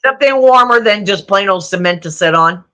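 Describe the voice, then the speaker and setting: A woman hosting a casual livestream chat, talking warmly to her viewers and laughing often. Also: medium pitch, expressive, brisk. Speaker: livestream host. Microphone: phone.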